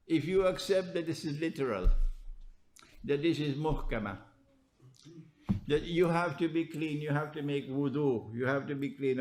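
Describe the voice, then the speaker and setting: A man giving a religious lecture, prodding his listeners with rhetorical questions and a teasing "huh?", delivered in an animated, emphatic way. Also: a little high. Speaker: Islamic scholar lecturing.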